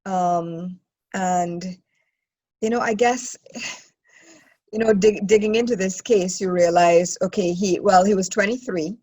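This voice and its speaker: A woman co-hosting a podcast in casual conversation, talking haltingly with many restarts and fillers. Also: medium pitch, fairly even intonation, a little mellow. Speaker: podcast co-host.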